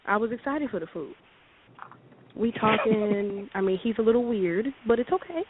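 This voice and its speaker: A woman calling in to a radio show, telling a date story in a lively way and acting out what people said. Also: mid-range voice, normal speed. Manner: animated, laughing, acts out quotes. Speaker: caller. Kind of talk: casual storytelling on call-in radio. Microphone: phone. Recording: tinny phone line with faint hiss.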